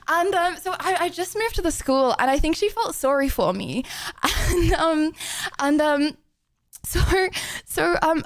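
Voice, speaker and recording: Young woman livestreamer, high-pitched, giggles and rambles through casual chat. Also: no echo. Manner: giggly, rambling with many fillers.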